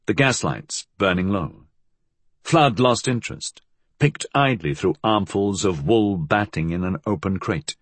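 A man narrating an audiobook in an expressive, measured reading. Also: fairly low pitch, husky, no echo.

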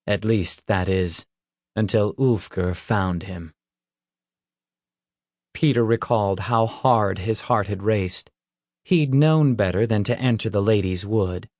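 A man reading a fantasy novel aloud as an audiobook narrator, with measured storytelling. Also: fairly low pitch, a little mellow, no room sound, clean studio sound. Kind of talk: scripted narration.

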